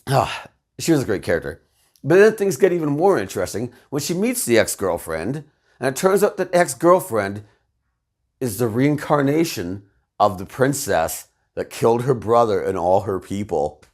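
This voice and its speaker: A man commentating casually, retelling a story with laughs and rambling asides. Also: medium pitch. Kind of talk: casual video essay retelling.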